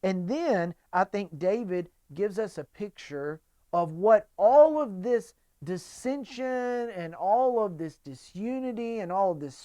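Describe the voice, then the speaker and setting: A man's voice: sits high, mellow, dry recording. A middle-aged man giving a casual, conversational sermon as a pastor, acting out quotes in voices.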